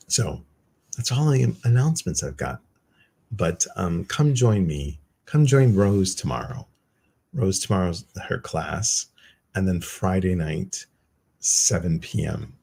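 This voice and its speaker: Gravelly low-voiced man hosting a livestream. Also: lively intonation, a little slow, pauses often, mellow. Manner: chatty, loose, self-teasing. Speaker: meditation group host. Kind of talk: casual livestream announcements.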